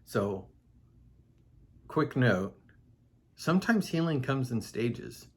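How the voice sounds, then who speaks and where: A man's voice: mid-range voice, sing-song, slow pace, slightly rough. A man hosting a casual Bible study podcast, talking loosely with fillers and asides as he explains a passage. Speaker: podcast host teaching the Bible.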